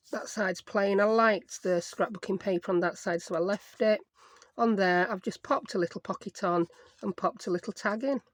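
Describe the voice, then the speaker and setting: A woman, chatting casually through a craft tutorial, talking to herself as she works and joking at her own expense. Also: mid-range voice. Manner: chatty, self-mocking, talks to herself while working. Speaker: crafting YouTuber.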